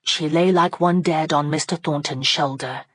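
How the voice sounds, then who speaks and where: Woman audiobook narrator, steady dramatic read, low voice, no room sound. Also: normal speed, no echo. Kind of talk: scripted narration.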